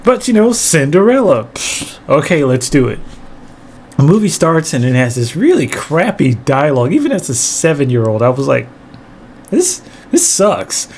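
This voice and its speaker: Guy telling a funny story, kinda high voice, laughs a lot, cusses casually. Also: normal speed, a little hiss or hum. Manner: animated, laughing, profane. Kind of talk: comedic storytelling monologue.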